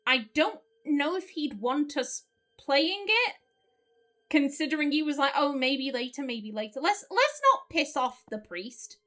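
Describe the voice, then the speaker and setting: A woman's voice: high-pitched, very animated, measured pace, a bit bright. A woman hosting a game let's play, joking and chatty, swearing casually.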